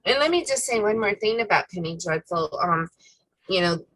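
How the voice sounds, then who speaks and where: A woman co-hosting a casual faith-themed chat, retelling a story in an animated way with many fillers. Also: on the low side, moderate pace, low-quality recording. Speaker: co-host.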